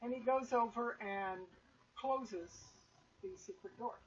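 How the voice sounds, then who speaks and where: A woman running a tabletop game as game master, narrating in a relaxed, rambling way with plenty of fillers. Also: fairly high pitch, slow. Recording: dull lo-fi stream audio with faint hiss.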